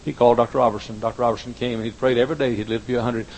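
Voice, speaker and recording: Rapid-fire delivery marks this older pastor's sermon storytelling, animated throughout, with quotes performed in high voices. The audio is poor and carries a little hiss or hum.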